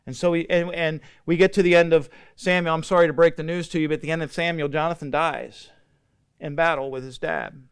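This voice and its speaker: A man teaching a midweek Bible study, his voice smooth and clear and sitting a little high for a man. He retells scripture casually and conversationally, slipping into the characters' lines as he goes. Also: level tone, brisk. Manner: conversational storytelling with acted-out dialogue. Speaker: pastor.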